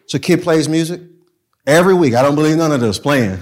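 A man, a pastor telling stories in a casual, animated way that swings between loud and soft. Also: a little high, fairly quick. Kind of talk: storytelling talk.

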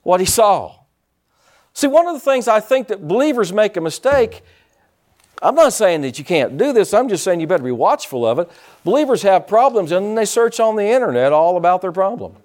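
A male pastor preaching a sermon, animated, acting out quotes and calling for responses from the congregation. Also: high-pitched, fairly quick.

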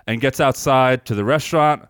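A man's voice: mid-range voice, moderate pace, a bit bright, smooth, dry recording, studio quality. A man co-hosting a film podcast in casual chat, rambling, swearing freely and animatedly retelling scenes. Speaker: podcast co-host reviewing films.

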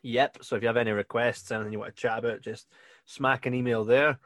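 A man's voice: mid-range voice, steady tone, fast, fairly bright tone, dry recording. Scottish male podcast co-host; loose, sweary, laughs a lot, dry recording. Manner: laughs often, swears freely. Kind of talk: casual chat.

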